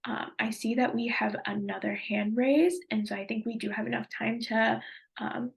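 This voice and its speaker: A woman presenting a webinar, guiding a group discussion in a measured, affirming way, with soft half-whispered asides. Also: on the high side, steady tone, gravelly.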